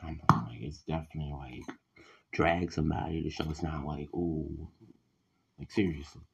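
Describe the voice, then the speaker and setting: Deep husky guy ranting and cussing into a voice memo, lots of "like". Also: moderate pace, muffled recording. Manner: profane, animated venting with many "like" fillers. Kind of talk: casual ranting monologue. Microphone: voice message recording.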